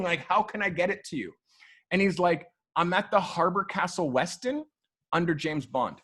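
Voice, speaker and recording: A man with a slightly high voice tells a long story casually. He is animated, swears freely and acts out the voices of the people he talks about. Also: normal speed, slightly rough. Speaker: photographer guest. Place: podcast studio.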